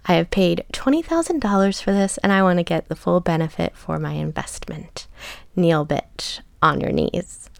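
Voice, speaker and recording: A woman voicing a cruel, sadistic man who speaks in a low, hushed, often whispered taunting tone. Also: moderate pace, creaky, dry recording. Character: cruel, sadistic adult man, a paying client.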